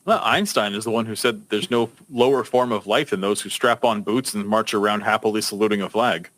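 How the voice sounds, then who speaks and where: Bright, sardonic male podcast guest. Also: lowish voice, fairly quick. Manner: animated and sardonic, laughing at his own jokes. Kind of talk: casual podcast discussion.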